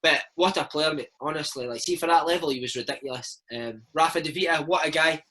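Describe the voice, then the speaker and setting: A Scottish man in his thirties, a former footballer telling stories in a casual interview, animated and peppering his talk with "mate". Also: a little high, fast talker, rough recording. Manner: animated, chatty, keeps saying mate. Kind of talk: casual storytelling chat.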